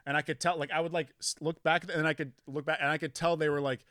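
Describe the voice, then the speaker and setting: Fast-talking young man telling a rambling story. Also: fairly high pitch, little pitch movement, fairly bright tone, no room sound, studio quality. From Canada. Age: young adult. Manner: rambling, profane, many restarts. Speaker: podcast guest. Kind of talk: casual chat, storytelling. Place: basement studio.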